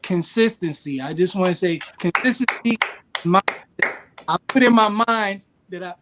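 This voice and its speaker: A man's voice: sits high, background noise. Earnest man talking about motivation. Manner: earnest, motivational, halting with many fillers. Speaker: guest. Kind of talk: casual chat.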